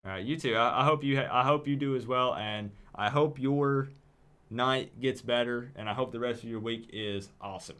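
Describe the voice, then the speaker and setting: A man's voice: mid-range voice, moderate pace, fairly bright tone, clean tone. A man from East Tennessee with its accent, hosting a livestream and taking calls in a hyped, friendly way, often repeating words. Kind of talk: casual livestream chat.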